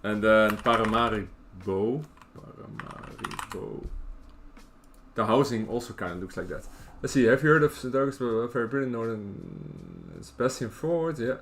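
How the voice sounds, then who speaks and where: A man's voice: lowish voice, sing-song, normal speed, vocal fry, fairly bright tone, slight background noise. A Dutch-accented man streaming a city-building game, rambling casually and correcting himself as he goes. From Netherlands. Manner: rambling, self-correcting, chatty asides. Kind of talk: casual gameplay commentary.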